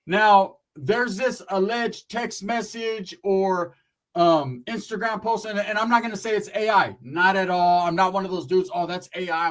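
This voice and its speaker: A man's voice: sits high, sharp tone, rough recording. A young man from Northern California ranting bluntly and profanely on his channel, tagging lines with "right?" and "bro". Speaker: YouTuber. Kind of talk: livestream rant.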